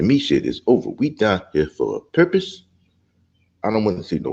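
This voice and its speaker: A man's voice: low-pitched, wildly swooping pitch, normal speed, creaky, a little mellow, lo-fi sound. A middle-aged man ranting as a panel guest, blunt and profane. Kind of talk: ranting commentary.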